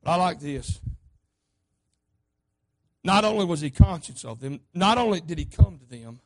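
A man preaching a sermon, emphatic and repetitive, calling out to the congregation and swinging between shouts and hushed asides. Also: fairly high pitch, expressive, moderate pace. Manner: emphatic, repetitive, call-and-response.

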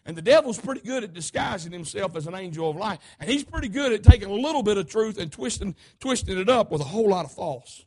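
A preacher with a strikingly high voice delivers a fervent sermon. He repeats his phrases, calls out to the church for responses, and leaps from shouted lines down to soft, hushed asides. His melody rises and falls constantly. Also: lively intonation, quick pace, few pauses, husky. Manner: emphatic, repetitive, call-and-response.

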